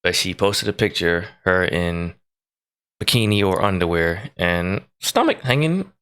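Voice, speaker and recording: A man hosting a reaction video in casual chat, excitable and breaking into high exclamations. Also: a little slow, clear, resonant tone.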